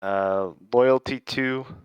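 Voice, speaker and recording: A man's voice: mid-range voice, slow, clean tone, dry recording, highs cut off. A man player at a tabletop game, voicing his laid-back biker character in an easygoing way.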